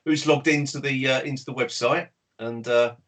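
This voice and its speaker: A man with a South London accent chatting as a podcast guest over a video call, relaxed and hesitant with lots of fillers. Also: medium pitch, normal speed. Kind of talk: casual chat.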